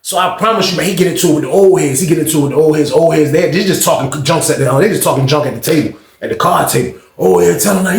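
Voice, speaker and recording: Animated man telling a prison story. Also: fairly high pitch, quick pace, reverberant. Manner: animated, acts out quotes in raised voices.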